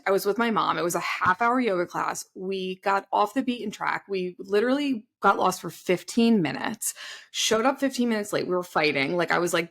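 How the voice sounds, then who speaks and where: A woman in her thirties co-hosting a podcast, talking in a relaxed, reflective way with many fillers. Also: fairly low pitch, creaky. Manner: conversational, filler-heavy, reflective. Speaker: podcast co-host. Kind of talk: casual chat.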